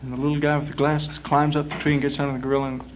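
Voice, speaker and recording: A man's voice: on the high side, flat delivery, racing, a little hiss or hum. A man telling a long, rambling joke on a club stage, casual and drawling, with lots of filler words, on a muffled 1960s live recording. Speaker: performer telling jokes on stage.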